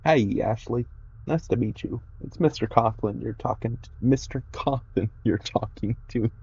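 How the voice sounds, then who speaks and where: A man voicing a tired, courteous older townsman in a game who speaks slowly and kindly. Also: mid-range voice, gravelly, dark tone, husky, no echo, highs cut off, voice pushed up. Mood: friendly. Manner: slow, sleepy, courteous.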